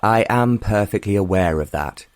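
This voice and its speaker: A male audiobook reader voicing an arrogant young gentleman who teases in a mocking drawl. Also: fairly low pitch, lively intonation, moderate pace, dry recording, studio quality, lightly acted. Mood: teasing.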